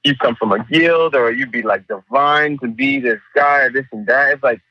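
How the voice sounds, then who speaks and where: Speaking at a normal speed in a medium-pitched voice, this male painter is an interview guest who chats casually and animatedly, cursing liberally and performing the lines of people he quotes. The audio is dull and has no room sound.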